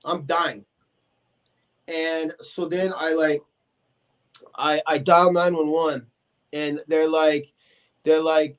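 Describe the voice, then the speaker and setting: A man in his forties speaks slowly with long pauses, his slightly high voice clear and resonant. Appearing as a podcast guest, he tells a long story casually and animatedly, acting out quoted voices with many fillers.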